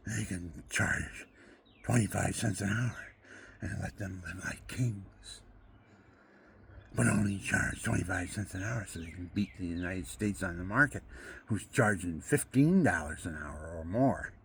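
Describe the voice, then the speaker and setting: Gravelly older man preaching and rambling. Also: low-pitched, unhurried, slight background noise. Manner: preachy, rambling, swings from hushed to loud. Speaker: amateur guitarist and video maker. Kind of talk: rambling monologue.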